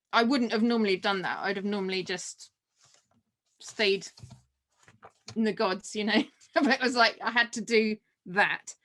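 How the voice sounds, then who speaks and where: A woman, a mother, guest on a podcast, telling a personal story casually and acting out remembered dialogue. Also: mid-range voice. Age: adult with children. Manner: animated, acts out remembered dialogue.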